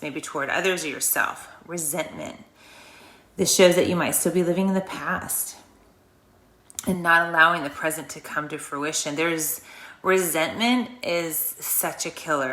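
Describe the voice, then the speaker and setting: A woman's voice: low voice, a bit bright, roomy sound. A woman hosting a wellness channel, guiding an emotional release exercise in a chatty, rambling, earnest way. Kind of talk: guided emotional release talk.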